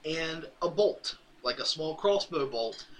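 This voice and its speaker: A man's voice: fairly high pitch, expressive, slow, poor audio. A man co-hosting a podcast, casually retelling a comic book's story and quoting its characters with laughs along the way. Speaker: podcast co-host. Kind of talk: casual comic recap chat.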